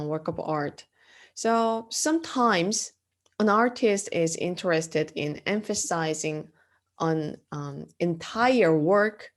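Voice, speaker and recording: Woman lecturing on art, kinda low-pitched, talks slow, keeps pausing with um and uh. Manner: halting, frequent ums and uhs; explains terms step by step, asks the class questions. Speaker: art instructor.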